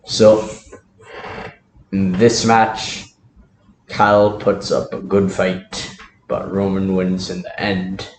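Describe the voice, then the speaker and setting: A man's voice: on the low side, darkish tone. A man casually telling a story to camera, chatty and laughing often as he hurries through the details. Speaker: wrestling fantasy booker. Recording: roomy echo, faint background hiss.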